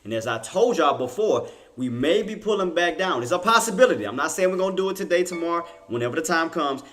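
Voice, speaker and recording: A man's voice: fairly high pitch, expressive, fast, fairly bright tone. A man streaming casual live commentary on stock charts. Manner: laughing, apologetic, casual. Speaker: trading streamer.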